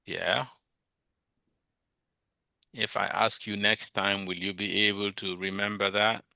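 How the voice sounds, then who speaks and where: A man's voice: fairly low pitch, flat delivery, slow pace, gravelly, sharp tone, clear, resonant tone, no room sound, dull audio. A male teacher giving a classroom lecture, drilling students on vocabulary with repeated questions.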